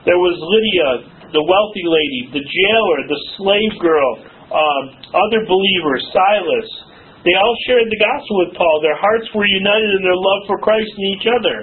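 A male pastor preaching a sermon in a conversational way, with asides and short laughs. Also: high voice. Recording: tinny phone-like sound.

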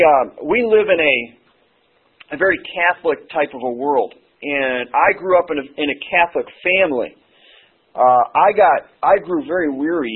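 A hoarse man preaching a sermon as pastor, earnest and halting, with many "uh" pauses. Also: a little high. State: hoarse, losing his voice. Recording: tinny phone-like sermon recording.

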